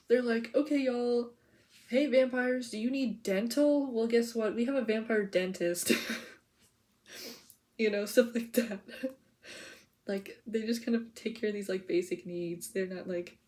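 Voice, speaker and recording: Giggly rambling woman, slightly high voice. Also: a little mellow. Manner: rambling, giggly info-dumping, many "like" and "okay?". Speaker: vlogger. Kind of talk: casual POV chat to camera.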